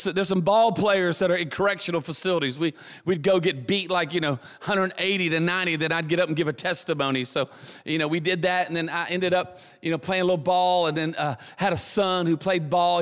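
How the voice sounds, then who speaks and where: A man with a South Louisiana accent preaching a sermon as a guest speaker, telling stories animatedly, repeating words and building to excited shouts. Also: on the high side. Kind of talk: sermon storytelling. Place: church auditorium. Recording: reverberant church hall.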